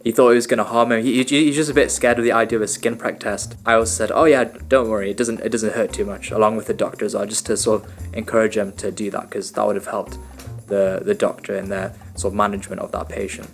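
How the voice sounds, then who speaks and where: A man's voice: on the low side, flat delivery, fast talker, gravelly, soft background music. A young man, a medical student, casually vlogging to camera and explaining his day with easy restarts. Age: young adult.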